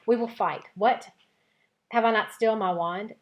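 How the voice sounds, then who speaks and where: A cold, scornful witch queen gives orders, as a woman reading a novel aloud to her class puts her on. The voice sits a little higher and louder than her plain narration and stays commanding throughout. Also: measured pace, lightly acted.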